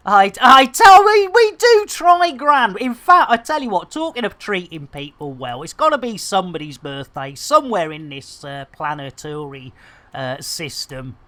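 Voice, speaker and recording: A woman streams a game with jokey, rambling chatter and pet catchphrases. Her pitch swings widely, bouncing up and down as she talks. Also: a bit bright. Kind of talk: game livestream commentary.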